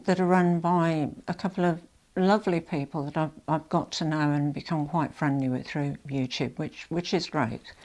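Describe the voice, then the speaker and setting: A woman's voice: sits low, a little mellow. An older retired woman chatting casually to camera as a fashion vlogger, rambling and correcting herself as she goes. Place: at home.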